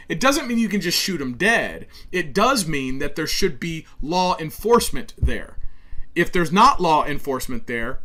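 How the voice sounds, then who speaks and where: Male host, fairly high-pitched, forceful and preachy delivery with stumbles. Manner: emphatic, preachy, stumbles over words. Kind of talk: political monologue.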